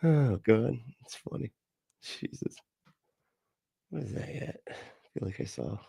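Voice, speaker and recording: Gravelly, sarcastic livestream host. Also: male voice, medium pitch, lively intonation, a little slow, mellow, no room sound, studio quality. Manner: sarcastic, profane, laughs often. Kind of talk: casual livestream commentary.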